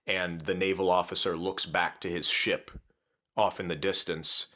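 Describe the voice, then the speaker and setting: A man's voice: deep voice, level tone, normal speed, bright, forceful tone. A man on a podcast, casually retelling a novel's plot in a rambling way and laughing now and then.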